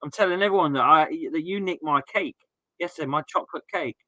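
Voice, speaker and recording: A man's voice: on the high side, fast, bright, forceful tone, no echo. A man in his thirties chatting casually and ranting with swearing on a live football watchalong stream.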